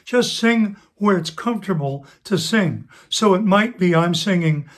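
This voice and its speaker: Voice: mid-range voice, expressive. A voice teacher giving a spoken singing lesson, explaining technique step by step and speaking straight to the student. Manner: slow, deliberate instructing, addressing the student directly. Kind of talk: spoken vocal lesson with sung demonstrations.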